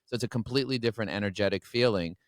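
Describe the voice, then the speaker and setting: Low-voiced man talking candidly, dry sound. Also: racing, no room sound. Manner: emotional, open, many restarts. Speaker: podcast guest, business owner. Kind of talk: candid interview talk. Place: standing while talking.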